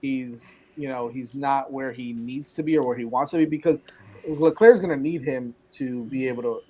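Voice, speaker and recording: A man's voice: mid-range voice, fairly even intonation, moderate pace, a little mellow, husky. A man hosting a casual motorsport podcast, rambling with lots of fillers and laughing along with his co-hosts. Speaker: podcast host. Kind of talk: casual sports chat.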